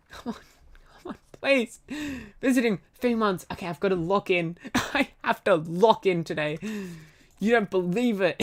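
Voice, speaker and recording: A young woman streaming a game, chatting with her viewers and giggling often. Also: on the high side. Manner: giggly, talks to chat. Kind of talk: live gameplay commentary. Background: soft background music.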